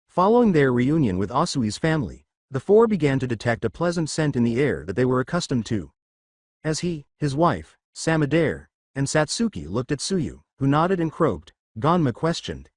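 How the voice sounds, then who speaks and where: A man's voice: mid-range voice, very animated, moderate pace, no room sound. Casual: guy reading a fanfic story, voice goes up and down a lot, super dry close sound. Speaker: narrator.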